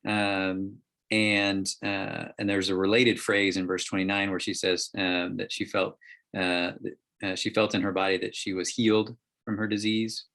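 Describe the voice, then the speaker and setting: A man leading a Bible study over a group call, explaining scripture in a halting way with many ums and restarts. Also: fairly low pitch, little pitch movement, fairly bright tone. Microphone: call microphone.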